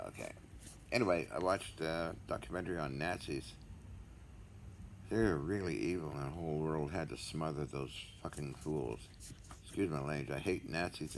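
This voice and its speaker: A man's voice: a bass voice, creaky. An older man talking to camera in a rambling, blunt, sometimes profane monologue. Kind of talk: rambling casual vlog monologue. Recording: noisy background hiss.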